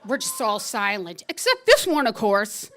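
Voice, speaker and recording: A woman telling a true story on stage at a live story slam, lively and wry, often laughing as she talks. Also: medium pitch, moderate pace, a faint crowd.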